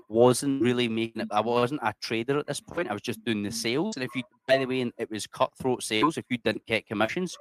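This middle-aged Scottish man speaks at medium pitch, with no echo in the recording. He's a chatty interview guest telling casual stories, swearing freely and saying "mate" often.

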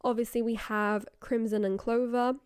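A woman's voice: on the high side, little pitch movement, moderate pace, smooth, no room sound, clean studio sound. A woman in casual podcast chat, enthusiastically analyzing song lyrics and their metaphors.

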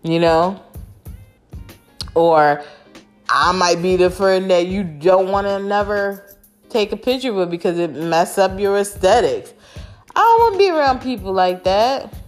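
A woman's voice: mid-range voice, expressive, unhurried, pauses often, faint music behind. A woman talking straight to camera in a frank, emphatic, casual monologue that has some swearing.

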